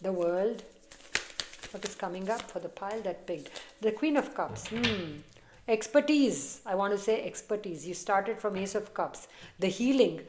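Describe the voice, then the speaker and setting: A woman giving a casual, encouraging tarot reading to camera on a phone, sometimes dropping to soft murmurs. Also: medium pitch, animated, unhurried, echoey room, background noise. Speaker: tarot reader.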